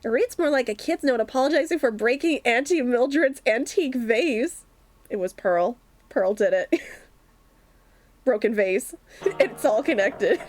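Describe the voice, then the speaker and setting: A high-voiced woman streaming a visual novel, reading it aloud and reacting playfully. Her delivery is unhurried and bubbly. Soft lo-fi music plays faintly behind her. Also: animated. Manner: giggly and playful.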